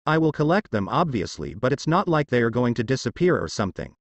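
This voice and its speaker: A man voicing a calm, nonchalant young male warrior hero. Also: medium pitch, quick pace, no room sound.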